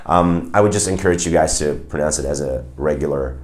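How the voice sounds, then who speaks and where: A man giving a casual video lesson on German pronunciation, explaining step by step and slowing down to demonstrate each sound. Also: very deep voice, a little mellow. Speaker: German language teacher.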